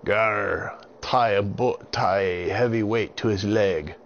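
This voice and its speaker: A gravelly, growling pirate captain boasts over his treasure, as a man puts him on for a storybook. His voice sits a little low and rough. The recording is muffled, with a faint hiss behind it. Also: slow pace. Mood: gruff. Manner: growling "gar", gruff and boastful.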